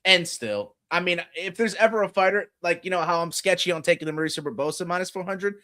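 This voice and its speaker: Animated man talking sports bets. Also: high voice, quick pace. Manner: animated, fillers like "you know". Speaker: podcast co-host. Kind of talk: casual sports betting chat.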